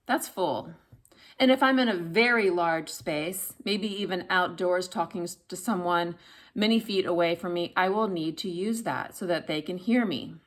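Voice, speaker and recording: A woman's voice: fairly low pitch, moderate pace. A woman voice coach giving an instructional talk, demonstrating hums and practice phrases between explanations.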